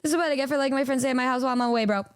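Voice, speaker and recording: A young woman VTuber spins stories for her chat in a high, bright-toned voice, stumbling over restarts and swearing freely. The recording is close and dry, with no room sound. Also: clear, resonant tone, dry recording. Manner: animated, swearing, stammering, quick restarts. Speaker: VTuber streamer. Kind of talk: casual storytelling to stream chat.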